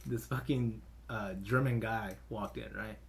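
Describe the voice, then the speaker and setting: A man's voice: on the low side, steady tone, a little slow, gravelly, slight background noise. A man co-hosting a casual podcast, telling a story in a rambling way, with lots of swearing and filler words. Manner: rambling, profane, heavy filler "like". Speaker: podcast co-host.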